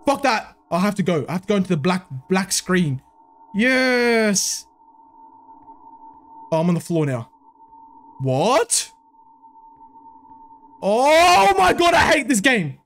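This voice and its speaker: A man's voice: high-pitched, very animated, slow, pauses often, fairly bright tone. A young man giving panicky, swearing commentary while playing horror games, jumping between fear and mocking jokes. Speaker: gaming video creator.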